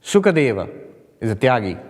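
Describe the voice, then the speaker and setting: A man's voice: medium pitch, big pitch swings, a little fast. A man, a monk, leading a meditation retreat, telling stories with humor and rising emphasis. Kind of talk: spiritual talk to an audience. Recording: hall with long reverb. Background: audience laughter.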